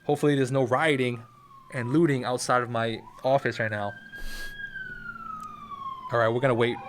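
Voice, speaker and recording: Young male host, casual tutorial delivery, direct coaching tone, mid-pitched voice, speaking from his office. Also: fairly even intonation, normal speed, background noise. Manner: coaching, direct, repeats "all right?". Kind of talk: casual how-to talk to camera. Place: office next to a firehouse.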